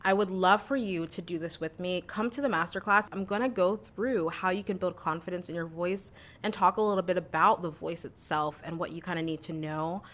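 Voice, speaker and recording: A woman's voice: lowish voice, a little fast, few pauses, fairly bright tone. Encouraging woman vocal coach. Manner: encouraging, chatty, sings short demo notes. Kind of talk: singing lesson, demonstrating.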